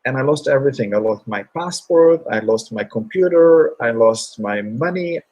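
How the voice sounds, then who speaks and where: A man speaking as a guest, telling motivational stories in an animated way and acting out shouts. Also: medium pitch, moderate pace, low-quality recording. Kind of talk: motivational storytelling.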